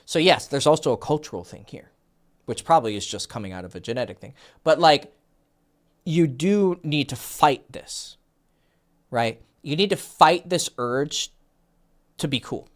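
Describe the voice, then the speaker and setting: A man's voice: fairly high pitch, moderate pace, pauses often. A man hosting a dating advice Q&A as a coach, talking casually with lots of swearing and acted-out dialogue. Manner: animated, profane, acts out quoted dialogue.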